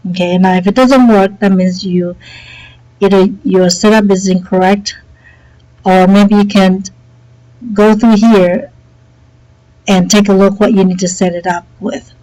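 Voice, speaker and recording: A woman teacher with a headset mic walks students through software setup in a relaxed, chatty way, saying okay often. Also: mid-range voice, unhurried, long pauses, rough recording. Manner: relaxed and chatty, many okays and fillers. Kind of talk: screen-recorded software tutorial.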